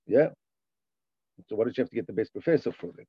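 A man's voice: on the low side, expressive, fast, husky, dry recording. A man giving a lecture, reading a passage and explaining it, with sing-song rises on the read lines. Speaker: Torah teacher. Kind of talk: lecture reading a text and translating. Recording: dull, dry lo-fi recording.

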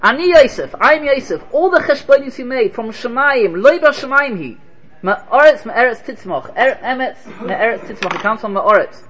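A man giving an animated Torah lecture, firing rhetorical questions and telling stories. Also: very high-pitched, moderate pace, breathy edge, lo-fi sound. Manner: animated, rhetorical questions, Hebrew terms woven in. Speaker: Torah teacher.

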